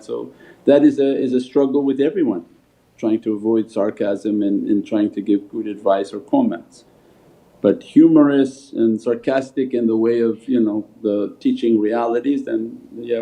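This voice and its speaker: A Sufi shaykh gives a spiritual talk and answers questions, weaving stories into his teaching. His voice is low, gravelly, and warm, heard through phone-like livestream audio.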